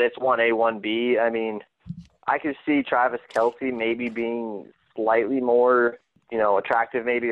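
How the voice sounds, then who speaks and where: A man's voice: medium pitch, no room sound. A man appearing as a guest on a sports podcast, hedging and thinking aloud over a phone-like line. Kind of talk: casual sports chat. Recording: dry tinny phone line.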